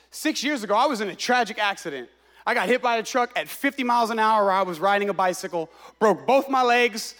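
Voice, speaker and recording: A man's voice: sits high, a bit bright. A man preaching a sermon with passion, exclaiming and repeating phrases for emphasis.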